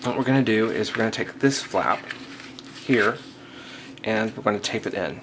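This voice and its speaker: A man's voice: fairly low pitch, moderate pace. A man hosting a step-by-step crafting tutorial, talking casually and thinking aloud, checking in with the viewer as he works. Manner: casual, thinking aloud, frequent okays and restarts. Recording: audible background noise.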